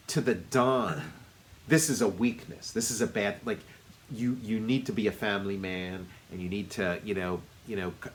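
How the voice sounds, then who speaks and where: A man co-hosting a podcast, chatting about a film, laughing often and breaking into loud mocking impressions. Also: lowish voice, slight background noise. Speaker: podcast co-host. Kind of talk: casual film review chat.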